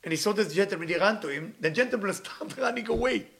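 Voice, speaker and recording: A fast-talking man with a high-pitched, expressive voice, vocal fry, and a slightly bright tone gives a storytelling sermon. As a spiritual teacher he speaks English with non-native grammar, earnest and at times rising to impassioned pleas.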